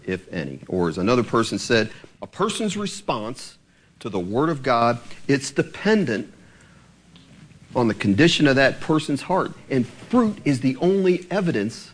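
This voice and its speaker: A man preaching a sermon in a church, rising to emphatic commands as he teaches through a parable. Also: medium pitch.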